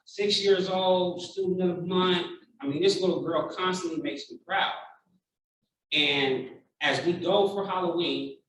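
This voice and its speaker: A man's voice: sits high, a little slow. A man in his thirties giving a keynote speech to a large room, telling a personal story with feeling and acting out what people said. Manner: heartfelt, animated storytelling with acted-out quotes. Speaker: keynote speaker. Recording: very echoey hall, voice from far off.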